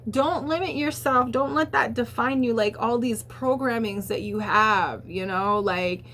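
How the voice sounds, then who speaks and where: A young woman giving a casual tarot reading, talking in a chatty, animated way with lots of fillers and the odd swear, laughing at her own asides. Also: a little high, unhurried, a little hiss or hum. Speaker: tarot reader.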